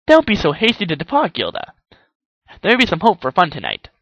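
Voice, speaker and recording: A man's voice: sits high, wildly swooping pitch, a little fast, a bit bright, no room sound, muffled recording, pitched above the performer's own voice, full character voice. A man voicing a boastful, theatrical unicorn mare who speaks of herself in the third person. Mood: playful.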